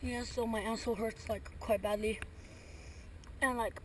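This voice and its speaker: A man's voice: sits high, fairly even intonation, moderate pace. Foul-mouthed guy far from the mic. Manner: crude, swearing, teasing. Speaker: vlogger filming friends. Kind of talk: casual joking commentary. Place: outdoors by water. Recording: distant camera audio, loud boat noise.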